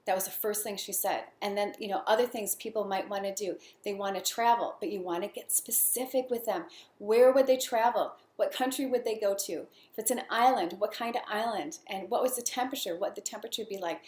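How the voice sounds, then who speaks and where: Lively woman coach in an echoey room. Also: medium pitch, brisk. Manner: lively, storytelling, asks many questions. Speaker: network marketing coach. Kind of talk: casual motivational talk to camera.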